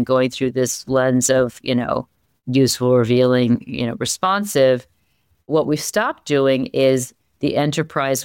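Philly newspaper exec in an interview, smooth clear voice, dry close sound, gets animated and restarts a lot. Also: mid-range voice, no echo. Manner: energetic, animated, many restarts. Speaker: newspaper executive, interview guest. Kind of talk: conversational interview.

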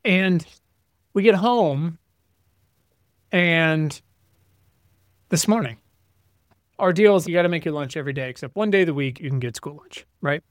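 A man's voice: on the high side, normal speed, long pauses, no echo. Ranting middle-aged man, dry sound. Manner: profane, ranting storyteller. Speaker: podcast co-host. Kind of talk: casual chat.

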